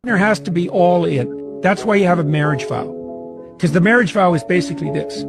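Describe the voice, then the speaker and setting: A man's voice: fairly high pitch, moderate pace, creaky. A man speaking reflectively in a thoughtful, wry way, using vivid imagery. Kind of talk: reflective lecture talk. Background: music.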